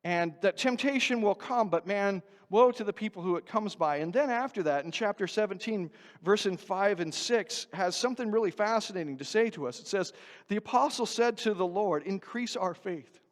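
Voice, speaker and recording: A man preaching a sermon as pastor, animated, swinging between loud emphasis and hushed asides. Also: sits high, moderate pace. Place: church sanctuary. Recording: church hall reverb.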